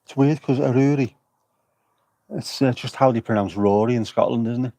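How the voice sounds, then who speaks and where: A man's voice: mid-range voice, normal speed, mellow, no echo. A man livestreaming from an outdoor air show, rambling and joking with his chat. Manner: jokey, rambling banter with chat.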